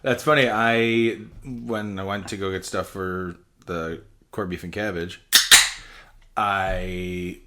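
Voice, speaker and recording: A man with a very low, deep voice hosts a podcast in loose, casual chat. He rambles a little, leaning on "like" and "you know" as he thinks aloud. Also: fairly even intonation, slow pace, bright, forceful tone, a little hiss or hum. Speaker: podcast co-host.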